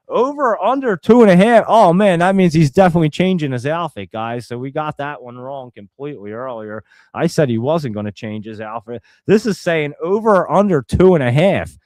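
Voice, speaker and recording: A man's voice: medium pitch, a little mellow, no room sound, clean studio sound. A young man hosting a casual livestream, rambling and thinking aloud as he talks to viewers. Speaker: host.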